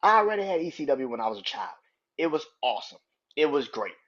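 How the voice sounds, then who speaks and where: A man in his thirties rants on his podcast, his voice husky and a little high for a man. He swears freely and his pitch swings widely as he gets worked up. The recording sounds dull and lo-fi. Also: fast talker. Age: 30s. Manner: profane, heated, animated ranting. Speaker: podcast host. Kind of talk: casual wrestling rant.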